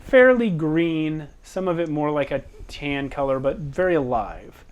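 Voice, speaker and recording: A man's voice: on the high side, animated, measured pace. A man narrating a tabletop game as game master, describing scenes in an easygoing way.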